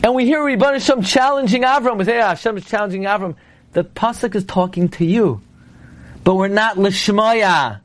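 Man, high voice, Torah teacher, storytelling lecture, loud sudden exclamations. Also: a little fast. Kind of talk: prayer class lecture.

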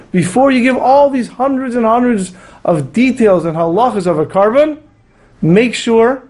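Teaching his weekly Torah lesson, a rabbi lectures earnestly, weaving in stories and dramatizing quotes. His voice sits high and carries a slightly mellow quality.

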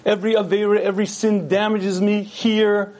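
A man's voice: sits high, little pitch movement, moderate pace, a little mellow. A man giving an earnest Torah lecture, telling stories and asking his listeners rhetorical questions.

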